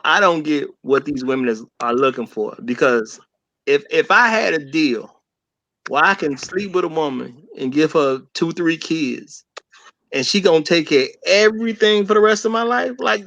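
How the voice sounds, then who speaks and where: A man with a slightly high voice gives his blunt take in loose, slangy talk. The sound is dry and close, with no room around it. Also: gravelly, no echo, highs cut off. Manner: animated, blunt slangy storytelling. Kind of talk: casual chat.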